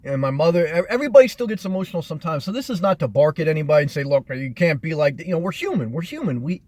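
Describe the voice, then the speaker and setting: A man in an earnest, measured motivational monologue, often circling back with fillers and repeated phrases. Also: fairly high pitch, animated, darkish tone, no echo. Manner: earnest, repetitive, measured delivery with many fillers. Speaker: motivational vlogger.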